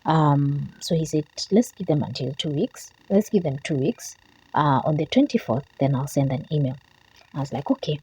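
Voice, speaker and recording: A woman with a low, husky voice who has just woken up talks straight to her viewers, telling a story in a chatty, animated way. Her tone is mellow and a little breathy. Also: normal speed, rough recording. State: just woke up. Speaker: vlogger. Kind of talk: casual vlog talk to camera.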